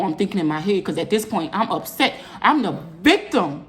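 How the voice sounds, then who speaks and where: A young woman vlogger, telling a personal story in a casual storytime video, animated and jumping into loud high bursts when upset. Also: normal speed, hardly any pauses, slight background noise.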